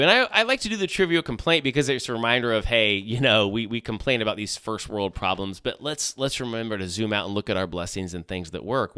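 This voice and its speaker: A man's voice: mid-range voice, bright, forceful tone, clean tone, no echo. A middle-aged man hosting his own podcast, chatting casually with lots of jokey asides and restarts, close on the mic. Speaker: podcast host. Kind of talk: solo casual podcast chat.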